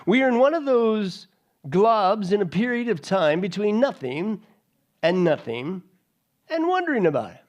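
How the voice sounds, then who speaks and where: Man doing a pompous british scholar with a pipe, lofty slow lecture voice, higher pitched, lively delivery. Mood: mock-lofty.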